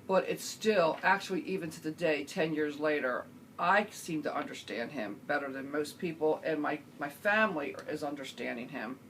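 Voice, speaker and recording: A middle-aged woman vlogger chatting casually as she answers viewer questions, rambling with lots of fillers and the odd throat-clear. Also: deep voice, moderate pace, fairly bright tone, a little hiss or hum. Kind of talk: casual chat.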